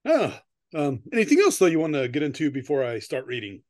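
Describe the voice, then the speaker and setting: A middle-aged man with a fairly high voice, talking casually on a close podcast mic. He rambles, restarts his sentences and laughs often. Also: a little mellow, no echo. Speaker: podcast co-host. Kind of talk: casual chat and story reading.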